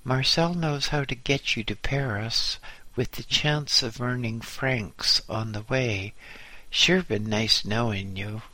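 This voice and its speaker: A man's voice: mid-range voice, takes it slowly, pushed and bright, no echo, rough recording. A man reading a story, voicing a brash, friendly American man with folksy slang. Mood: breezy.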